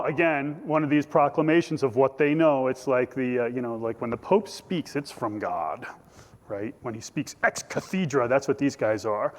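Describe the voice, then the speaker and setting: A man's voice: medium pitch, moderate pace. A man preaching a conversational, jokey sermon as pastor, acting out voices from the scripture. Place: church sanctuary. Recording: church hall reverb.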